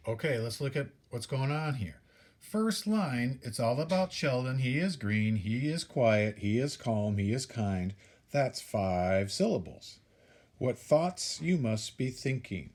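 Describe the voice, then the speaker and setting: Male teacher, patient and repetitive, unhurried delivery, lots of melody in the voice. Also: medium pitch, animated, a little mellow. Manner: patient, repeats key points, counts out syllables. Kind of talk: classroom instruction video.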